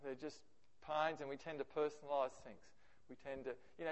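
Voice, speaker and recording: A man with an Australian accent giving a lively, conversational presentation to teachers. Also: a little high, brisk. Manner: animated, acts out quoted remarks. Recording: reverberant hall.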